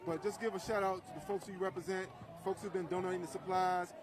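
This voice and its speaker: A man's voice: high voice, little pitch movement, fast talker. Earnest man reporting live outdoors. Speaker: livestream reporter. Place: outdoor city street protest. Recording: live outdoor stream amid a crowd. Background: crowd.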